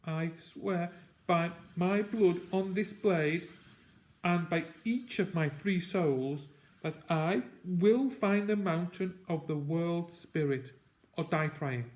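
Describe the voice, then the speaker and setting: A frightened young boy from a storybook, pushing out high, desperate questions one after another. A man reads him aloud, lifting his voice well above his own. The delivery stays slow and drawn out. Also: very animated. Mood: solemn. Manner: high, urgent and breathless questioning.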